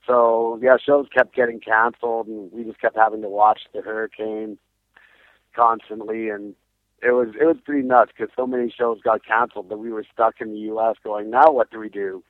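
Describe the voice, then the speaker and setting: A man's voice: on the low side, moderate pace, no echo. A man, a punk band singer, telling stories in a casual phone interview, laughing often and acting out what people said. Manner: animated storyteller, laughs often, acts out quotes. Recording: tinny phone line.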